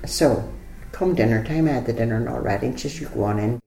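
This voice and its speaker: A woman's voice: very deep voice, quick pace, warm tone. An older woman, reminiscing casually in an interview and retelling old conversations in a chatty storytelling manner. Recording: roomy echo.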